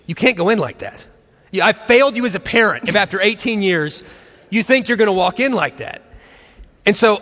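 In a large hall, a man in his forties with a high, fairly bright voice tells a story to an audience, acting out the quotes and laughing often. He is a pastor co-hosting a marriage and parenting session.

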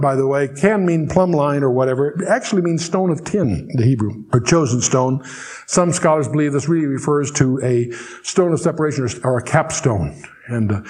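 Man teaching scripture, fairly high voice. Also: a little mellow. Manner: reads scripture slowly, then explains in dry joking asides. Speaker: Bible teacher. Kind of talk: verse-by-verse Bible teaching.

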